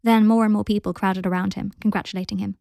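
A woman hosting a podcast, reading a story aloud in a gentle, even storytelling manner. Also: mid-range voice, fast, vocal fry, no room sound, clean studio sound. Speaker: podcast host and reader.

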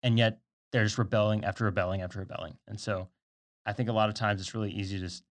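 A young man talks quickly in a studio podcast chat, with a lowish voice. He is earnest and explains things at length, often going off on side notes. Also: flat delivery. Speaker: podcast co-host. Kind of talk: casual faith podcast chat.

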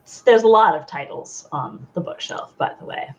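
A woman narrating as game master in a tabletop game, relaxed and halting, with many fillers. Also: lowish voice.

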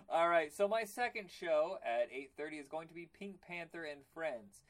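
A man hosting a podcast in a casual chat, rambling and excitable, often slipping into cartoon voices. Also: fairly high pitch, moderate pace. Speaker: podcast host.

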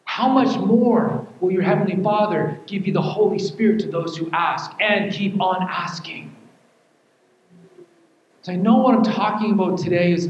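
A man's voice: sits high, moderate pace, slight background noise. A man preaching a sermon, repeating key words and building to fervent, almost sung emphasis. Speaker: pastor. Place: church. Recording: echoey hall, dull sound.

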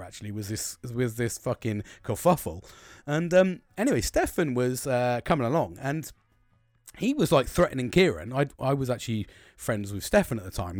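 A man's voice: medium pitch, no echo, studio quality. Swearing British man telling a story. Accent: British English. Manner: rambling, heavy swearing, laughing asides. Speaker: podcast host. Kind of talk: casual storytelling.

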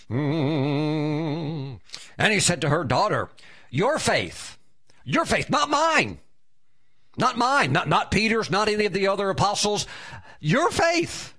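Animated preaching pastor, lively pitch. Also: male voice. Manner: animated preaching with shouted exclamations. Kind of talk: sermon.

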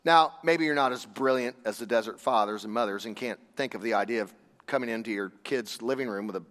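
A man's voice: medium pitch, fast, fairly bright tone, in a large hall. A man preaching a sermon in a conversational, emphatic way, stopping for rhetorical questions.

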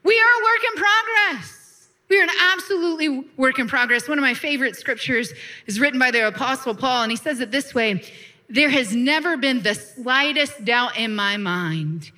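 Woman pastor, high bright voice, lively conversational sermon with call-and-response. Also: normal speed. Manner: lively preaching with laughs, call-and-response asides.

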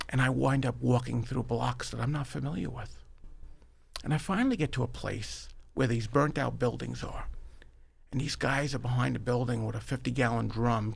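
A middle-aged man from New York with a New York accent, a podcast guest telling his life story in an animated, emphatic way. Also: medium pitch, gravelly, husky, dry recording. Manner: animated, emphatic, addresses the host by name. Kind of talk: storytelling in a conversational interview.

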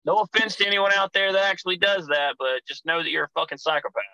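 Bright, profane young man, dry sound. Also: sits high, fast, creaky, dry recording, low-quality recording. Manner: crude, profane, rambling storyteller. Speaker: guest, wrestling figure. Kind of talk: casual chat.

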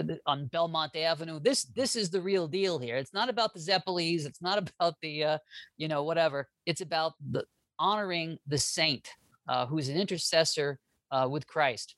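A man speaking as a guest historian in a casual interview, animated and joking, often restarting his sentences. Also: a little high, moderate pace, no echo.

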